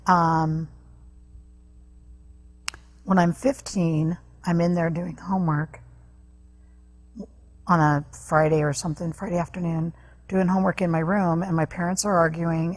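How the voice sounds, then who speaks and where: A woman guest on an interview show, telling a personal story earnestly, with halting restarts. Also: fairly low pitch. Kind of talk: personal testimony in a talk interview.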